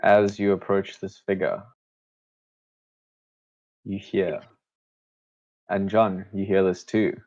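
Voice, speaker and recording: Man, game master, deep low voice, measured hushed narration, dull lo-fi recording. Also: level tone.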